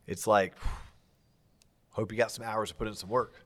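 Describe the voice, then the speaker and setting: A man's voice: on the low side, fairly even intonation, moderate pace, a bit bright. A man hosting an interview, asking casual, curious questions and repeating a word or two as he searches for them. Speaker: podcast host.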